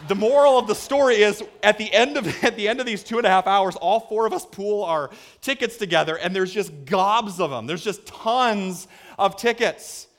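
A male pastor preaching a sermon, telling a lively personal story and acting out the voices in it. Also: moderate pace. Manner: animated storyteller, acts out voices with big pitch jumps. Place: church hall with a screen.

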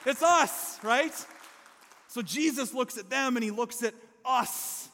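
A man's voice: very high voice, takes it slowly, some chatter behind, a little hiss or hum. A male pastor preaching a conversational sermon to his congregation, mixing humor with earnest emphasis and checking in with "okay?" and "amen?". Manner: lively storyteller who mixes humor with earnest emphasis. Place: church service before a congregation. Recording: long hall reverb.

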